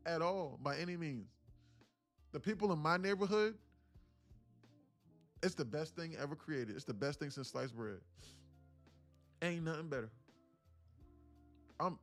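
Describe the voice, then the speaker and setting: A man hosting a day-trading livestream, talking casually with slang and acting out little scenes, then dropping to a mutter over the chart. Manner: animated, acts out little scenes with voices, slangy; drops to a low mutter when reading the chart.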